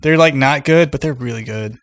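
A man's voice: mid-range voice, a little fast, creaky, dry recording. A young man co-hosting a podcast, joking and rambling in casual chat, laughing often. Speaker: podcast co-host.

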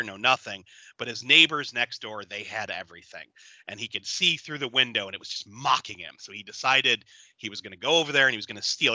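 Bright-voiced man recapping a movie. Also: mid-range voice, no echo. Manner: animated retelling, laughs often, swears. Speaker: podcast co-host. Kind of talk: casual movie recap chat.

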